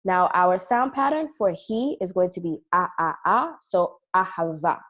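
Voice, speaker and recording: A woman's voice: on the low side, animated, measured pace, a bit bright. Patient woman teaching a language lesson. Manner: clear, patient explaining with careful pronunciation drills. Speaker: Hebrew teacher.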